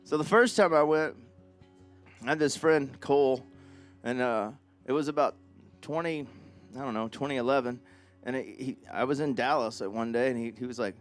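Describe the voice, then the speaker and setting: A man's voice: mid-range voice, normal speed, faint music behind. A man, a singer-songwriter, chatting between songs at a small live club, telling rambling, joking anecdotes into a stage mic. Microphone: stage vocal mic.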